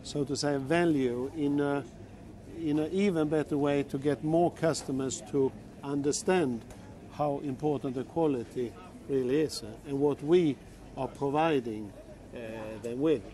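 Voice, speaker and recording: A man interviewing a colleague, often pausing to rephrase with "I mean". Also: on the high side, mellow, a little hiss or hum. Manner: searching phrasing, frequent "I mean". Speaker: interviewer, retail executive. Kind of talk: conversational interview.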